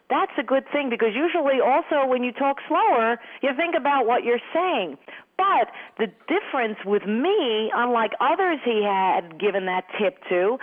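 A middle-aged woman with a Long Island New York accent, a sportscaster telling stories in an interview, often breaking into a giggling laugh. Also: fairly high pitch. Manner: chatty, animated storytelling. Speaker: sportscaster guest. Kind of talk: casual interview answers. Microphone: telephone. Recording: narrow tinny phone line.

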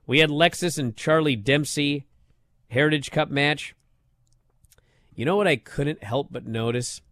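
A man co-hosting a wrestling podcast, talking in casual chat and getting worked up into loud disbelief. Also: on the high side, measured pace, dry recording, clean studio sound. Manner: animated, rising to loud disbelief. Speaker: wrestling show co-host.

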